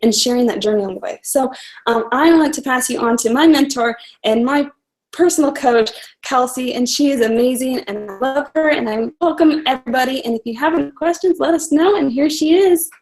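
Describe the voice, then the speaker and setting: A woman's voice: sits high, a little mellow, low-quality recording. A young woman coach telling her personal story in an earnest, heartfelt way on a live group call. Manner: earnest, heartfelt, talks fast with restarts.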